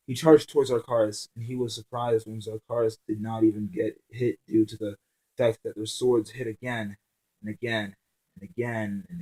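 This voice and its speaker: A man's voice: fairly low pitch, mellow, rough recording. A man reading his own novel aloud, stumbling and restarting lines often. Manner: halting reading with frequent restarts and fillers.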